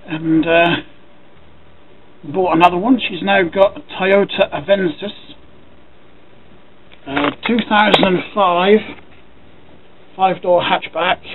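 An English man chats loosely to camera, wandering from one thought to the next with the odd curse. His voice sits a little high for a man. The recording is tinny and narrow, like a phone call, with a faint hiss behind it. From England. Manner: rambling, thinking aloud, swears casually. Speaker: vlogger. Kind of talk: casual talking to camera.

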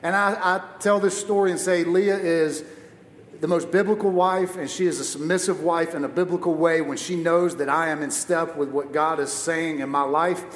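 A man's voice: a little high, fairly even intonation, moderate pace, a little hiss or hum. A man preaching as a guest speaker in a church auditorium, telling a personal story with humor and energy. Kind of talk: sermon. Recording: echoey church hall.

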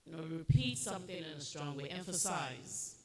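A woman with a low-sitting voice works as a spelling bee pronouncer, reading words slowly and deliberately and firmly letting children know when they're incorrect. The echoey school competition hall carries faint noise and crowd sounds.

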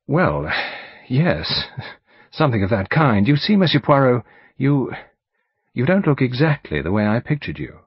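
A man reading an audiobook, voicing an earnest, determined young woman in her early twenties with a faintly husky voice, frank but a little hesitant. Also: medium pitch, sing-song, unhurried, no room sound. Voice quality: faint agreeable huskiness. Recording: dull studio audiobook recording.

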